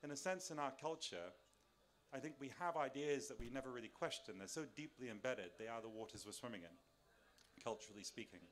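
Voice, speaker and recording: A man lecturing to a live audience inside a large tent, his voice sitting at an ordinary middle pitch. He speaks conversationally, thinking aloud with restarts and rhetorical questions, and he moves around as he talks. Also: expressive, brisk, fairly bright tone. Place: large tent at a summer camp. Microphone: filmed by a camera.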